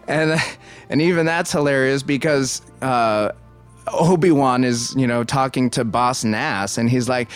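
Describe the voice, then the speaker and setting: A man's voice: mid-range voice, takes it slowly, faint music behind. A man giving casual film commentary, thinking aloud and digressing with many restarts.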